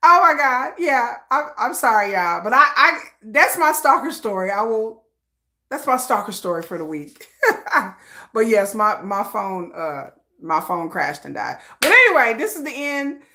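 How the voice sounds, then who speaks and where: A woman hosting a casual livestream from home, telling a story in animated, slangy talk and acting out the voices of other people. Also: a little high, measured pace. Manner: animated, slangy, acts out quoted voices with laughs. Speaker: livestream host.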